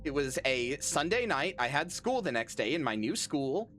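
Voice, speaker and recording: A woman's voice: low-pitched, very animated, normal speed, a bit bright, faint music behind. A woman in her thirties, a streamer in casual chat with her audience, rambling, swearing freely and making dry, self-deprecating jokes. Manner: self-deprecating and dryly joking.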